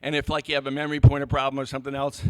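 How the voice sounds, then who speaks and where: A man's voice: medium pitch, monotone, very fast, clear, resonant tone. A man moderating a conference panel, rambling and joking with restarts and swearing. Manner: rambling, joking, self-interrupting, profane. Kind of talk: stage rant at a conference panel. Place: conference hall stage.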